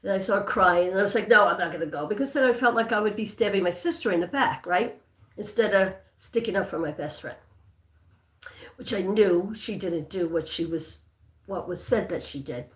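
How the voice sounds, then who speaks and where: A woman's voice: medium pitch, normal speed, fairly bright tone. Chatty woman in an echoey room. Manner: rambling, personal, with many fillers and restarts. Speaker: livestream host. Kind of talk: casual livestream storytelling.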